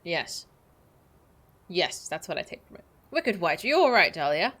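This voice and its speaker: A woman's voice: fairly low pitch, very animated, unhurried. A young woman streaming a game, chatting bubbly and giggly with her viewers. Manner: bubbly, giggly, greets chat warmly. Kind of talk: casual livestream chat.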